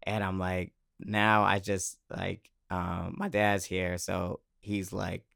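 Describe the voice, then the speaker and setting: A man telling a personal story in casual chat, animated, swearing and laughing often, on a close mic. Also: sits low, takes it slowly, vocal fry, no room sound.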